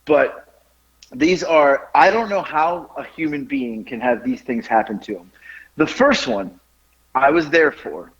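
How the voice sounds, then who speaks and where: A man's voice: animated, measured pace, muffled recording. A man co-hosting a podcast over a call, telling a funny story in casual chat and laughing through it. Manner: laughs through his own story, voice jumping high. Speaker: podcast co-host. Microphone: remote call.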